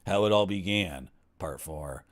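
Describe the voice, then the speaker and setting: A man's voice: sits low, a little slow. Brief: a man in his forties reads a game's story aloud, with sarcastic asides between the lines. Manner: wry, griping asides, sarcastic. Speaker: game streamer. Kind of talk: reading game text aloud with commentary.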